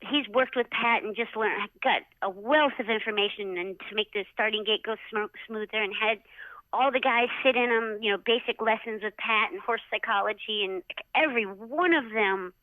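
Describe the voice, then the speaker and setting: A middle-aged woman, a former jockey, telling lively stories in a casual interview and acting out quotes with lots of "like.". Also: fairly high pitch, moderate pace, dry recording. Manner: animated, acts out quotes in a raised voice, many "like"s. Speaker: retired jockey, interview guest. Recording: dull, dry lo-fi sound.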